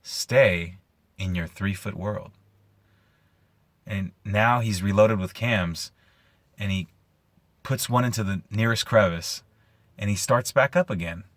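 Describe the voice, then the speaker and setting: A man's voice: lowish voice, a little slow, fairly bright tone, dry recording. A man hosting his own show, retelling a story casually and with animation, using lots of "like" fillers. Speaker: host.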